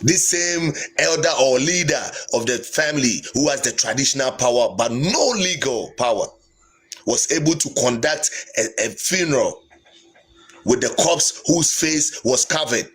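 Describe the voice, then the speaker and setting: A man's voice: mid-range voice, expressive, a little slow, fairly bright tone, slightly rough. Man, Ghanaian accent, live stream host, indignant, pleading, mixes English and Twi. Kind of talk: impassioned live stream talk.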